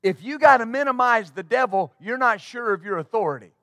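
A man's voice: very high voice, expressive, a little fast, bright, forceful tone, no echo, studio quality. A male pastor preaching a sermon fervently, with call-and-response asides to the congregation.

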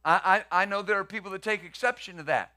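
A man's voice: sits high, fast talker, bright, forceful tone. A male pastor preaching a conversational sermon, acting out the quotes he reads and the questions he poses.

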